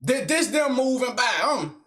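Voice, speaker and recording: A man telling a family story to the camera in a storytime monologue. He is animated, slangy and profane, and often checks in with the listener. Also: very high voice, moderate pace.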